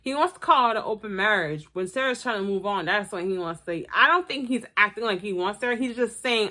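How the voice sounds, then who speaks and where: A woman giving blunt, profane, animated commentary as she reviews a reality TV episode. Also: mid-range voice, fast talker, few pauses. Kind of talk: casual commentary vlog.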